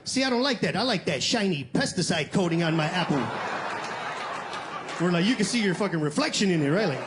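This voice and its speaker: Man, stand-up comedian, high voice, animated storytelling, acts out voices, noisy live recording. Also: a little fast. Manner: animated, acts out quoted voices, swears casually.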